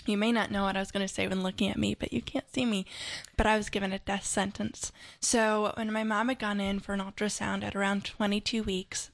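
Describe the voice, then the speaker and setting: A woman's voice: mid-range voice, creaky. A woman guest in an interview, telling her own story earnestly with frequent fillers and restarts. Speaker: interview guest, pro-life advocate.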